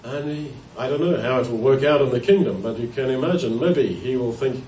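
Guy preaching a bible sermon, measured and explaining stuff, mic kinda far off, echoey. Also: medium pitch, darkish tone. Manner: measured, explanatory, with pauses and self-corrections. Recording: roomy, distant mic, faint background noise.

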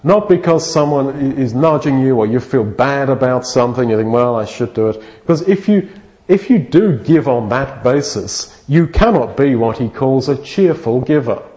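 A man's voice: mid-range voice, lively intonation, normal speed, dark tone, highs cut off. A man preaching a sermon, earnest and thinking aloud, often restarting his phrases.

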